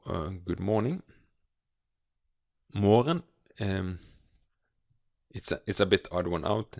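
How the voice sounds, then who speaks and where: A low-pitched man with a gravelly edge to his voice teaches a grammar lesson. He explains patiently and takes his time, pausing often to find his words. The sound is dry and close. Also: no echo. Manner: slow, patient explaining with frequent hesitations. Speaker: language teacher.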